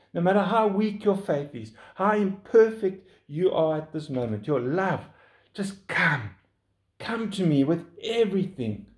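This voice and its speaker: A man preaching a sermon in an earnest, pleading way that lifts in pitch when he urges his listeners.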